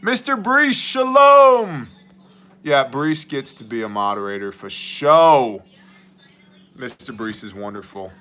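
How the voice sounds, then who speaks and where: Bright-voiced man chatting on a livestream. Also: on the low side, unhurried. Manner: joking, rambling, drifts into mock voices. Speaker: livestream host and ministry leader. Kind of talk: casual livestream chat reading viewer messages.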